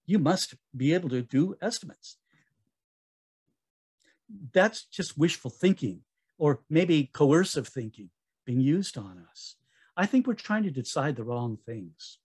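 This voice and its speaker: A man giving a conference talk in a relaxed, conversational way, with fillers and self-corrections. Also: mid-range voice, slightly rough. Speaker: conference speaker.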